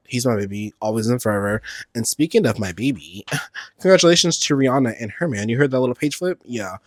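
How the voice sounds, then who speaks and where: Sassy campy podcast host, dry sound. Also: male voice, no room sound. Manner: sassy, campy and expressive, swings into high exclamations. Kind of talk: casual solo podcast chat.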